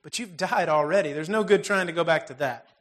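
A patient, shining heavenly spirit who coaxes gently and kindly, as a preacher voices him. The voice sits high for a man and stays warm in intent, part of a story told from the pulpit. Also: brisk. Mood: coaxing. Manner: gentle, coaxing.

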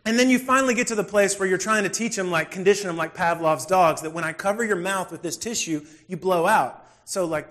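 Pastor; lively, self-mocking storyteller with a fairly high voice. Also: male voice. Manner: animated, self-deprecating, acts out scenes. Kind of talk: humorous storytelling sermon.

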